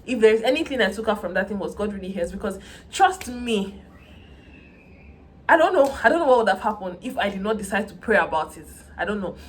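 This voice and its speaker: A young woman, telling a story in a casual vlog in an animated, dramatic way and acting out the voices of the people she quotes. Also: mid-range voice, a little fast, slight background noise.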